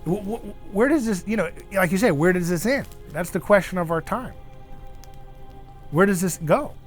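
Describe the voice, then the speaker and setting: A man hosting a casual discussion around an outdoor fire, talking in an animated way and acting out the voices he quotes. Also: sits high, moderate pace, soft background music. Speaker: host.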